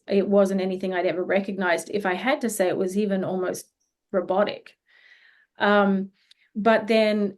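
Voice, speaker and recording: A woman's voice: medium pitch, darkish tone. Earnest woman telling a story. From Australia. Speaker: hypnosis healing practitioner guest. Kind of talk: interview storytelling.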